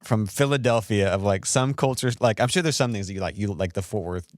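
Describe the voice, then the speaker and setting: A man hosting a casual interview, asking quick follow-up questions and laughing easily. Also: fairly low pitch, no echo, studio quality. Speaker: interviewer host.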